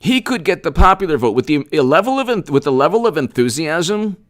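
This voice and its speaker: A man hosting a casual political commentary livestream, animated and repetitive, often restarting his sentences and speaking straight to viewers. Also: on the high side, a little fast. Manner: animated, repetitive, mock-quoting opponents, frequent restarts.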